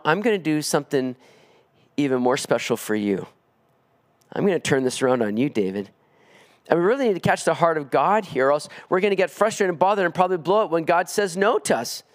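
A man preaching an expository sermon, earnest, climbing higher when he presses a point. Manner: earnest preaching, rising in pitch on emphatic pleas. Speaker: pastor.

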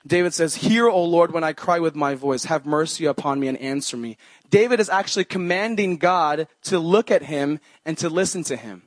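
A man's voice: on the high side, lively intonation, moderate pace, no room sound. A young man preaching a sermon as a pastor, in an earnest, conversational way, quoting scripture as he goes.

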